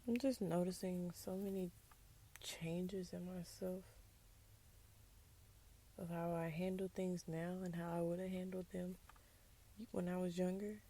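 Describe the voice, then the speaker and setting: Candid woman with a gravelly mellow voice. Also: lowish voice, flat delivery, measured pace, long pauses, a little hiss or hum. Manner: candid, sassy, drops into whispers for asides. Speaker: podcast host. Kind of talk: casual personal monologue.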